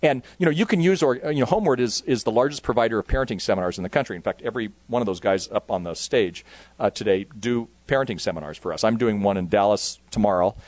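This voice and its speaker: A man's voice: on the low side, fast, darkish tone, no room sound. Chatty man giving a youth ministry talk. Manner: casual, rambling, many fillers. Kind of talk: conference talk to youth workers.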